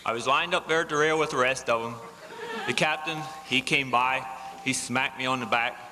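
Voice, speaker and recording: A man's voice: mid-range voice, moderate pace. A man telling a folksy tall tale in a live stage comedy routine, chuckling at his own jokes. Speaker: comic storyteller on stage. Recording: amateur live show, hall reverb.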